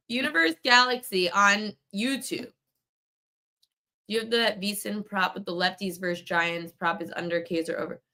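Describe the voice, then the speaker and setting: A woman's voice: mid-range voice, bright, forceful tone. A woman hosting a sports betting podcast, ranting heatedly at a commenter in a live chat. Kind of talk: live-stream betting talk.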